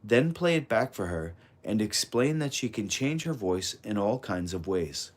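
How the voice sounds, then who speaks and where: A man reading a parenting audiobook in a calm, measured, instructive way. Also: on the low side. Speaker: audiobook narrator. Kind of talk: scripted audiobook narration.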